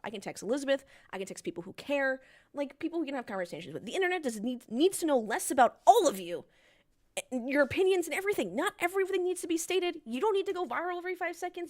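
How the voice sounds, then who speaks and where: A woman in her thirties hosting a motorsport podcast and live stream, ranting in a casual, profane, animated way. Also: high voice. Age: 30s.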